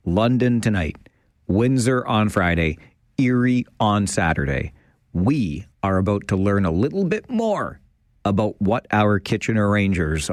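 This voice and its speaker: A man's voice: lowish voice, dry recording, studio quality. A man hosting call-in talk radio in a chatty, enthusiastic and self-deprecating way. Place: radio studio. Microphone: studio microphone.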